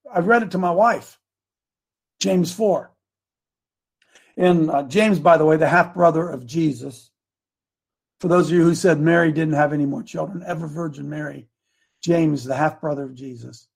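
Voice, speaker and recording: A male show host who talks over scripture in a casual, excitable way and often rises to shouted bursts, chuckling between lines. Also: high-pitched, creaky, breathy edge. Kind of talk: talk show commentary with scripture reading.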